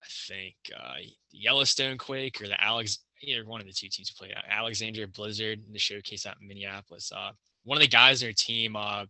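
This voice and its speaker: A man's voice: on the low side, bright, forceful tone, no room sound. A young man, a college hockey player, chatting casually on a podcast and rambling with lots of fillers and restarts. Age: young adult.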